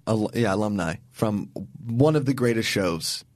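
A man's voice: on the low side, expressive, moderate pace, no room sound, clean studio sound. A man co-hosting a podcast in casual chat, rambling and joking as he talks through films and actors. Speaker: podcast co-host.

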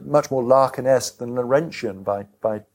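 A man's voice: mid-range voice, moderate pace, darkish tone. Rambling, self-deprecating male author. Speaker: author and guest. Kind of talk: conversational onstage interview. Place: live event venue with an audience.

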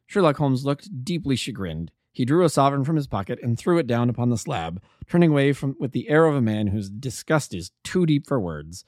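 An amateur male narrator reading a classic detective story aloud, in a measured storytelling manner. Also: medium pitch, big pitch swings, a little mellow, dry recording, studio quality. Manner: measured storytelling, voices the characters.

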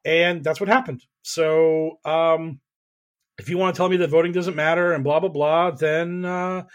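Man, high-pitched, podcast host, emphatic profane rant, exasperated. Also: steady tone, measured pace. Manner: calls own voice whiny.

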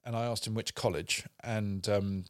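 A man's voice: on the low side, steady tone, moderate pace, no echo, clean studio sound. An English man co-hosting a podcast, telling rambling, self-deprecating travel stories in casual chat. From England. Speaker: podcast co-host. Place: studio.

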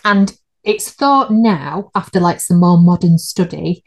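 A woman's voice: lowish voice, measured pace. A woman, co-hosting a podcast in casual chat and laughing at her own slips. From United Kingdom. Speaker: podcast co-host.

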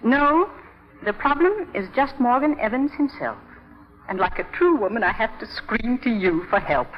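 A woman playing a flattering, scheming schoolteacher. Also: on the high side, moderate pace, close to an everyday voice. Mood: persuasive. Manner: sweetly flattering and persuasive. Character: clever, scheming village schoolteacher woman, middle-aged. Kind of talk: 1950s radio drama acting. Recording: dull old 1950 radio broadcast.

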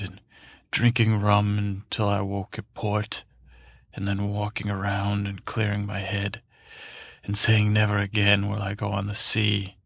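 A man doing Sir Pounce, a hushed old tomcat. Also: lowish voice, gravelly, dry recording, exaggerated voice. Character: worldly old tomcat storyteller, soothing, salty. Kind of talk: bedtime story to help sleep.

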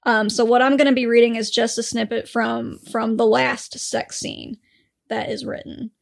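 A woman's voice: on the high side, level tone, moderate pace, gravelly. A woman co-hosting a podcast in a chatty, rambling way, swearing freely. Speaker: podcast co-host. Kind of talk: casual chat.

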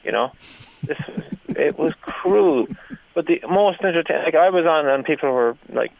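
A man, a stand-up comedian telling animated anecdotes with laughs and restarts in an interview. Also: a little high, normal speed, creaky, no room sound. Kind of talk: casual storytelling interview. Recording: tinny phone-like line.

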